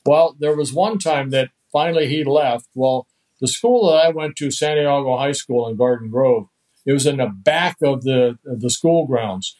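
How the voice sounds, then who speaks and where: Older male guest from the Netherlands; relaxed, chatty anecdotes with easy chuckles. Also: mid-range voice, normal speed, poor audio. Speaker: guest, retired pitcher. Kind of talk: storytelling in a podcast interview.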